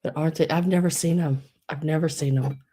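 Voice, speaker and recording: A middle-aged woman talks her way through a live online auction, chatty and gushing as she calls out bids and counts down to the sale. Her voice sits a little low and sounds warm and mellow rather than bright. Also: steady tone, fairly quick, husky. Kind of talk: live-stream sale chat.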